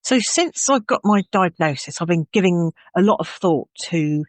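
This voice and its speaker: A woman's voice: lowish voice, animated, normal speed, no echo. Candid reflective woman co-host, dry sound. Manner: candid, reflective, thinks aloud. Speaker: podcast co-host. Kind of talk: casual chat.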